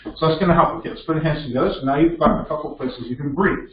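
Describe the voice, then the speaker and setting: A man teaching piano in a masterclass, encouraging and quick to check in, with a higher, animated voice. He is picked up from across a roomy studio, the sound a little dull. A piano plays faintly behind him. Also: far from the mic. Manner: encouraging, checks in with frequent "okay?". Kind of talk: coaching a student at the piano. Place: music studio indoors with a piano.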